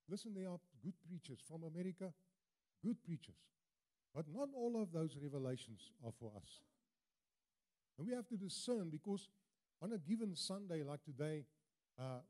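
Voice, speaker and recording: गर्मजोशी भरी आवाज़ वाला दक्षिण अफ़्रीकी लहजे का बुज़ुर्ग उपदेशक. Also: male voice, on the high side, mellow. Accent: South African English. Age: older. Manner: earnest, emphatic with frequent repetitions. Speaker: guest preacher. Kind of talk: sermon. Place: church.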